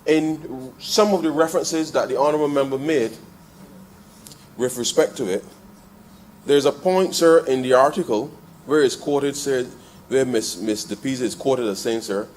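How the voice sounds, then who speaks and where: A man giving a parliamentary debate speech in the chamber, addressing the chair with a steady "sir" and building to emphatic rises. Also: mid-range voice, normal speed, slight background noise, low-quality recording. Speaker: member of parliament.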